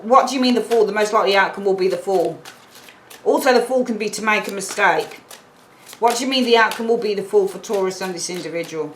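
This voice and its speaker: A woman's voice: medium pitch, fast, a little hiss or hum, poor audio. Chatty woman reading tarot. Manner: chatty, emphatic, repeats points, acts out little quoted exchanges. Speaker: tarot reader. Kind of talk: casual tarot reading to camera.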